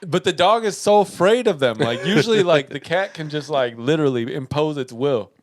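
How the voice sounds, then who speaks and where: A man's voice: on the high side, animated, no echo, clean studio sound. Playful man quizzing his co-host. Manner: playful, quizzing, spells words out slowly, laughs often. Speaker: podcast co-host. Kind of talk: casual chat.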